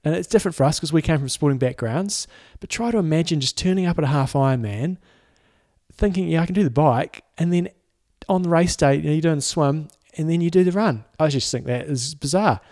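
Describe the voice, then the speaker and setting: A man's voice: fairly high pitch, fairly quick, darkish tone, dry recording, clean studio sound. A man co-hosting a sports podcast, explaining things in a chatty way with friendly asides. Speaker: podcast co-host. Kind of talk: casual podcast chat.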